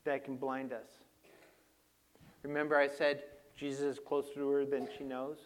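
A man preaching a sermon with slides, moving from quiet reflection to loud, emphatic passages. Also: medium pitch, little pitch movement, normal speed, a little hiss or hum. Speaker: pastor.

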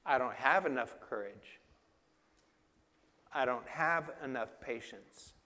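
A man's voice: mid-range voice, animated, takes it slowly, bright, forceful tone. A man preaching a sermon in an emphatic, conversational way, asking his listeners questions. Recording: long reverb of a hall.

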